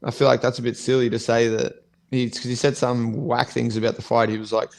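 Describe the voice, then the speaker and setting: A man's voice: medium pitch, little pitch movement, fairly quick, vocal fry, darkish tone. A man, co-hosting a podcast as a fighter, talking bluntly and swearing in a rambling casual chat. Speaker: co-host, fighter.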